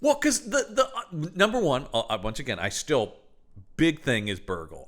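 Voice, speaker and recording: A man co-hosts a podcast in casual, joking chat and swears freely along the way. His pitch swings widely from line to line. His tone is bright and forceful. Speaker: podcast co-host.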